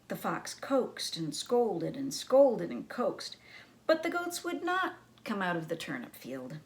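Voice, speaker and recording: Slow, expressive woman reading to kids. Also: medium pitch. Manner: expressive, teacherly. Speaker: librarian storyteller. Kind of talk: reading a story aloud to children.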